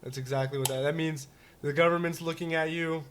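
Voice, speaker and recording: A man's voice: on the high side, fairly even intonation, a little fast, a little hiss or hum. Rambling, joking man on a casual talk show. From United States. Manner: rambling, joking, many restarts and fillers. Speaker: podcast co-host. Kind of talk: casual chat.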